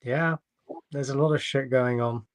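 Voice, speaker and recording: A man's voice: medium pitch, steady tone, normal speed. Guy guesting on a live chat, dry wry jokes, easygoing voice. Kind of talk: casual live-stream chat.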